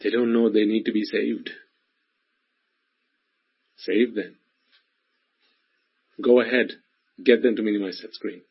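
A man preaches a sermon in a husky voice, hammering his points home through repetition and direct questions to the listeners. The recording is dull and lo-fi. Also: fairly low pitch, steady tone, slow pace, pauses often.

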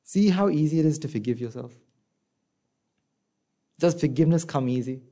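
A man giving a conversational Buddhist dharma talk, often asking the listeners questions and acting out inner voices in a soft, low tone. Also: lively intonation, moderate pace. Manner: conversational, asks the audience rhetorical questions. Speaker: Buddhist teacher.

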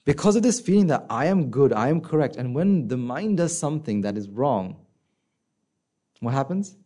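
A man giving a conversational Buddhist dharma talk, often asking the listeners questions and acting out inner voices in a soft, low tone. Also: very animated, moderate pace. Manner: conversational, asks the audience rhetorical questions. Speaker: Buddhist teacher.

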